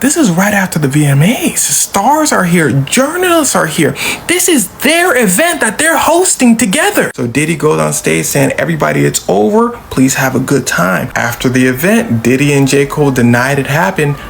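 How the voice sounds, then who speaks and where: Woman narrator, casual storytelling, lively pitch, gravelly edge, slips into quoted voices. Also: slight background noise. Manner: animated, acting out quotes.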